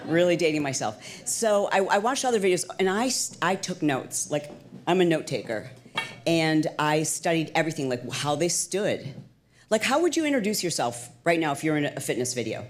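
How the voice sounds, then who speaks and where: Low-voiced chatty middle-aged woman. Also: moderate pace. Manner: lively, chatty, frequent "like" fillers and restarts. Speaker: guest, entrepreneur and fitness instructor. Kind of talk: casual storytelling interview.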